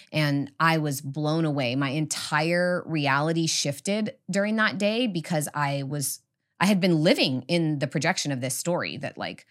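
Low-voiced woman telling her story earnestly. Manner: earnest, reflective, meandering phrasing. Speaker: guest, witch school headmistress. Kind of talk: personal storytelling in a podcast chat.

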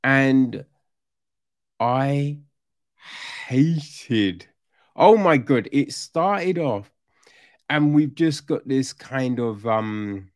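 Slow rambling man reviewing a show. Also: medium pitch, expressive, no echo, studio quality. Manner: rambling, with many fillers and restarts; grows exasperated and loud when ranting. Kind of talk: casual spoken review.

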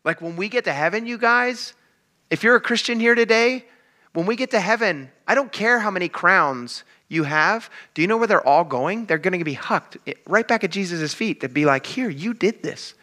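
A man preaching a sermon in a relaxed, conversational style, talking straight to his congregation. His voice sits a little high and sounds bright and crisp. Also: normal speed. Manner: conversational, addresses the crowd as "you guys". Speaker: pastor.

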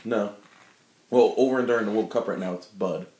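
A young man with a low, mellow voice chats casually as a podcast co-host. He drops dry, sarcastic one-liners between his partner's stories. His voice carries a clear room echo. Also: fairly quick. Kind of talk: casual chat. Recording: echoey room.

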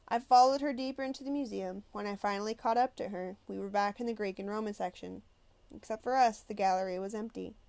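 A woman narrating an audiobook in the first person with an expressive, conversational delivery. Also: mid-range voice.

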